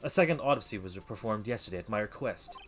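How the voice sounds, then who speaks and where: A man's voice: lowish voice, animated, quick pace, faint music behind. A man putting on a smug, cold prosecutor. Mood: haughty.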